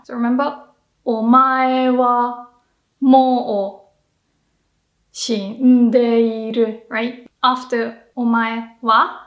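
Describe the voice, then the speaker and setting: A woman teaching a casual video lesson, playfully demonstrating pitch by drawing out syllables. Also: a bit bright, echoey room. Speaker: Japanese teacher.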